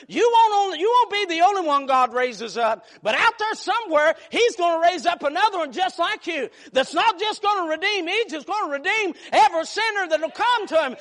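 A man preaching a sermon, moving between quiet, hushed storytelling and loud, shouted passages. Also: very high voice, animated, brisk, hardly any pauses.

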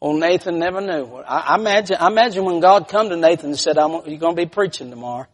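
A man preaching a sermon, telling folksy stories and swinging from shouted peaks to hushed, quiet lines. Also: a little high, expressive, fast. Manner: folksy storytelling.

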